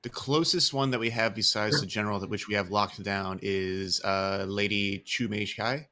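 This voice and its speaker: Male player, low-ish voice, chatty and relaxed. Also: normal speed. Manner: relaxed, chatty, uses fillers. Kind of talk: casual table talk.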